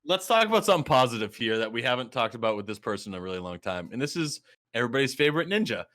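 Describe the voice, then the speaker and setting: A man with a slight Boston accent co-hosting a gaming podcast, talking in animated, rambling casual chat and often repeating his words. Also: medium pitch, very fast. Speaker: podcast co-host.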